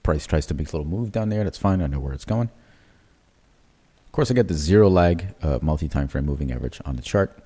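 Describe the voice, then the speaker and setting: A man's voice: very deep voice, quick pace, breathy edge. A man hosting a live trading stream, thinking aloud as he marks up charts, with many fillers and "right?" tags. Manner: relaxed, self-correcting commentary while drawing on charts. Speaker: crypto trading livestream host.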